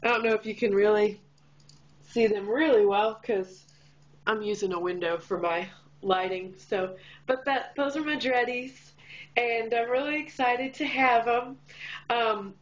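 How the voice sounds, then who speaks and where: A woman's voice: a little high, unhurried, highs cut off. A young woman from Kansas with a Midwestern accent and a slight Southern twang, chatting casually to camera in a vlog, bubbly and full of fillers. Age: young adult. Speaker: vlogger. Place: room lit by a window.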